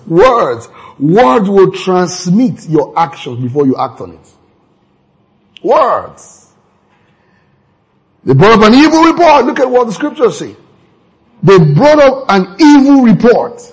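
Man, sermon, husky, lively rises and falls. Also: poor audio. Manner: animated preaching, sudden jumps in pitch, repeated words for emphasis. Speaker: preacher.

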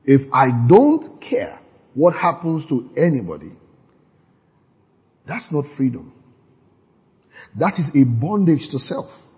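A man preaching a sermon in an animated way, now and then shouting out quoted lines. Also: a little high, slow, pauses often, husky. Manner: animated, acts out quoted voices with sudden shouts. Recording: long hall reverb.

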